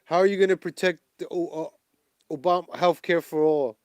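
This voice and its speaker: A man's voice: fairly high pitch, fairly even intonation, a little fast, smooth, no room sound, clean studio sound, close to an everyday voice. A man doing a mocking impression of a smug, phony female politician in a sing-song voice.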